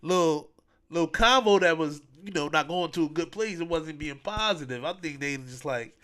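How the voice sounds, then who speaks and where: A man's voice: a little high, normal speed. A man hosting a podcast, retelling events in casual chat, full of slang and acting out what people said. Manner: animated storytelling, acting out quotes, heavy slang. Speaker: podcast host.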